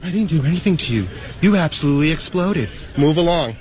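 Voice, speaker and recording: A man's voice: a little high, expressive, fast, darkish tone. A man confronted at an outdoor street event, hostile and mocking, repeating the other person's words back. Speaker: parade attendee in street interview.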